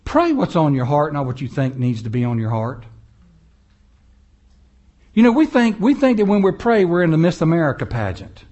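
A man preaching a sermon, animated and conversational, acting out people's prayers and mocking voices as he goes. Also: high-pitched, normal speed, highs cut off. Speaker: pastor.

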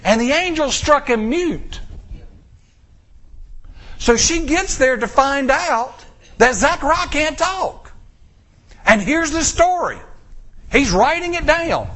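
An American man preaching a sermon, retelling a scripture story with drawn-out pauses and acted-out character lines. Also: extremely high pitch. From United States. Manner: storytelling, acting out characters' lines in lively voices.

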